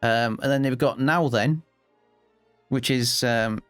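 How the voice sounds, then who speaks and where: A man with a Yorkshire accent chatting casually to his viewers, chuckling and pausing with lots of ums. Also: mid-range voice, a bit bright, clean tone, no echo, soft background music. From Yorkshire, England. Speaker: gaming YouTuber. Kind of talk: casual explainer talk to camera.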